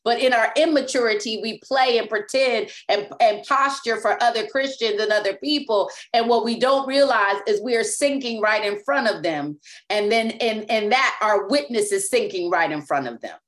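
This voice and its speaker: A woman delivers a sermon with a voice pitched a little above average. She speaks emphatically and often restarts and repeats words as she presses her point. She acts out the scripture quotes as she teaches. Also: normal speed, a bit bright. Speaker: apostle and teacher.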